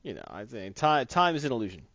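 Jokey podcast host with a lively voice. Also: male voice, medium pitch, fast, creaky, dry recording, muffled recording. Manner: jokey, laughs often, riffs on comics and movies. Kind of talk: casual podcast chat.

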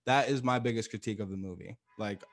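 A man's voice: lowish voice, fast talker. A man co-hosting a podcast in casual chat, loose and profane, repeating himself for emphasis and laughing often. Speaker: podcast co-host.

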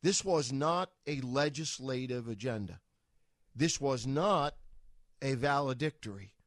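A man co-hosting a political talk radio show, giving wry, emphatic commentary with quick quips. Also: mid-range voice, dry recording, clean studio sound. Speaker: radio co-host.

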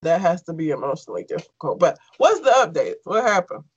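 A man's voice: a little high, huge pitch swings, quick pace, husky, dull audio. A man co-hosting a podcast, chatting bluntly and casually with laughs and swearing. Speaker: podcast co-host. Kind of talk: casual chat.

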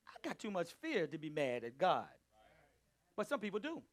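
A man teaching a Bible study, preaching emphatically and calling out to his listeners, swinging between loud and hushed delivery. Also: sits high, huge pitch swings, moderate pace. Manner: emphatic, calls out to the group. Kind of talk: preaching to a live group.

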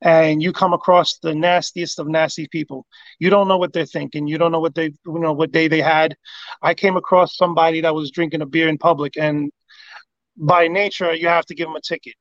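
High-voiced man on dull, dry audio. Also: level tone, a little fast, a bit bright, no room sound. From New York. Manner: storytelling, acting out both sides of a past encounter. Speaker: podcast co-host. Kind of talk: casual podcast chat.

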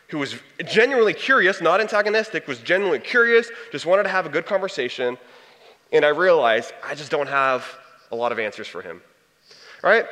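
A young man in his twenties telling a personal story to an audience in a lively, conversational way. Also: high-pitched. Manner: animated, conversational storytelling with acted quotes. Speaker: speaker sharing testimony. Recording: long hall reverb.

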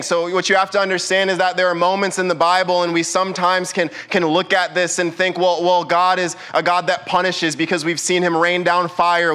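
A man's voice: high voice, pushed and bright, clear, resonant tone. A young man, a youth pastor, preaching a sermon in church with emphatic, repeated rhetorical questions.

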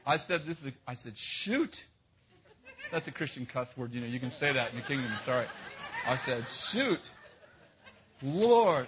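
A man's voice: a little high, fairly quick, lo-fi sound. A man preaching, telling a personal story with self-mocking humor and frequent laughs. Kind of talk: storytelling sermon.

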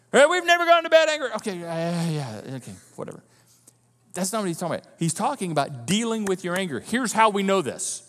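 A high-voiced male pastor preaches in a lively way, acting out the people he quotes. His voice carries a long reverb from the church hall. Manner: animated, acts out quoted voices of listeners. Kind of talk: sermon.

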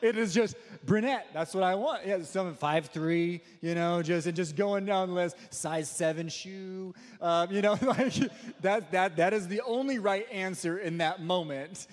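A man's voice: sits high, measured pace. A man telling a personal story in a sermon, chatty and self-deprecating, laughing often. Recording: long reverb of a large hall.

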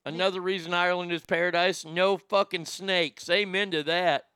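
Man, podcast co-host, crude rambling commentary, bright tense tone, dry close sound. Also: high voice, flat delivery, moderate pace, smooth, dry recording. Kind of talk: casual news chat.

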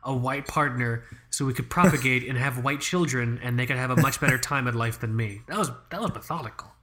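A young man co-hosting a podcast, animated and joking, with lots of swearing in casual chat. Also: mid-range voice, fairly quick. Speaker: podcast co-host. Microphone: studio microphone.

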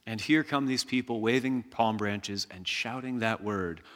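A man preaching a sermon as pastor, slow and emphatic, leading the congregation in call-and-response shouts. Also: lowish voice, big-room sound.

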